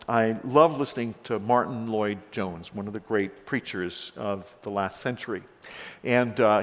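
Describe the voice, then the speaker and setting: A male pastor reading scripture and preaching a sermon, telling stories animatedly with frequent repeated starts. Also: on the low side. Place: church sanctuary. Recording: long church reverb.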